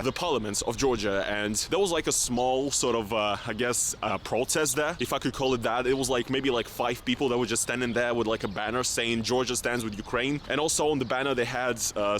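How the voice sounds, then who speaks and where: A man's voice: mid-range voice, fairly bright tone, a little hiss or hum. A young man from Russia telling travel stories in a casual vlog, chatty and anecdotal, with lots of fillers. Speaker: vlogger.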